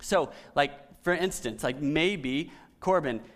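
A middle-aged man preaching a conversational sermon, often dropping to soft, emphatic lines. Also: fairly high pitch, slow pace. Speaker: pastor.

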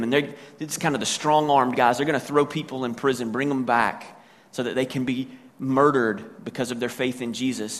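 A man preaching a sermon in a relaxed, conversational way, retelling the story with asides. His voice sits at an ordinary pitch for a man. A long reverb from a church hall trails his words. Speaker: pastor.

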